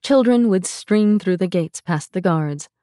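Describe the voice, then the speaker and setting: A woman narrating a memoir audiobook in a measured, vivid storytelling manner. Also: lowish voice, expressive, warm tone, no echo, clean studio sound.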